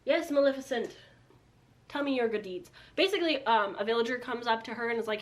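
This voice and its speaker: A woman's voice: a little high, moderate pace. A young woman casually recapping a book she dislikes, chatty and sarcastic, filling her talk with "like", recorded on a built-in camera mic. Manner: chatty, sarcastic, heavy use of "like". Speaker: book reviewer. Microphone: built-in camera mic, no external microphone.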